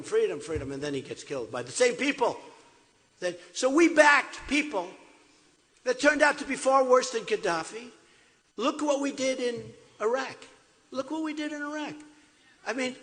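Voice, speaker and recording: A man's voice: sits high, pushed and bright. An older man giving an off-the-cuff, repetitive campaign rally speech at a podium in a large hall. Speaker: political candidate. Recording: echoey hall.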